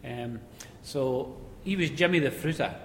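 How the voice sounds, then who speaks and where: A man with a Scottish accent telling an old mining anecdote in a relaxed, conversational way. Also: medium pitch, a little slow, a little hiss or hum. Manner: conversational, relaxed, repeats words as he goes. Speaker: storyteller. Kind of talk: spoken anecdote of mining days. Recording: echoey hall with faint ambience.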